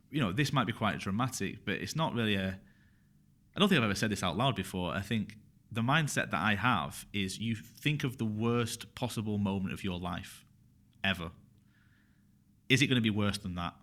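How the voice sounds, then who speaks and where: A man with a low voice, a guest on a casual podcast. He speaks openly and with feeling, hammering his points home by repeating them. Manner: frank, animated, repeats phrases for emphasis. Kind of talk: casual conversational interview.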